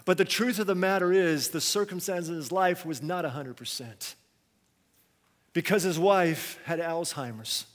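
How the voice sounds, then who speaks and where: A high-pitched man preaches in a long-echoing hall. He drops to hushed phrases and then climbs to loud, pressing ones. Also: normal speed. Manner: preaching with swings between quiet and loud. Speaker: pastor. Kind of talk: sermon.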